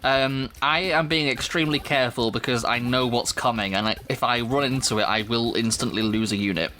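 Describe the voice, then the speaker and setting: A man's voice: mid-range voice, brisk, bright, forceful tone, a little hiss or hum. A man with a Manchester accent casually commenting on a video game he plays, chatty and laughing often, at a desk microphone. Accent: Mancunian. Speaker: let's play host.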